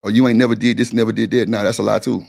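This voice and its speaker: Guy with a gravelly voice going off on a stream, blunt and repetitive, cussing a lot. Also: on the low side, little pitch movement, rapid-fire, darkish tone. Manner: blunt, insistent, repeats himself, swears freely. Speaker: stream panel host. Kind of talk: heated argument on a live stream.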